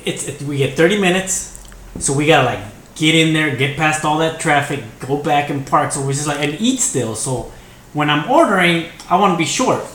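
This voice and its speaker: A young man with a slightly high voice chats easily on a podcast, relaxed, with lots of filler. The room is echoey and carries a faint noise. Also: normal speed. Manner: relaxed, laughing, lots of "you know". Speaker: podcast guest. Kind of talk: casual chat.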